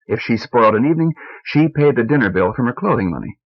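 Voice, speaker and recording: A man narrating a short story as an audiobook reader, measured and even, on a muffled old cassette recording. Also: medium pitch.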